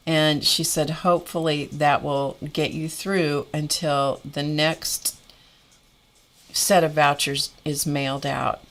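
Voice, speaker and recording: A middle-aged woman hosting a live stream, telling a story in a wry, exasperated way with frequent laughs. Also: deep voice. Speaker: host of a live art stream. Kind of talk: casual storytelling chat.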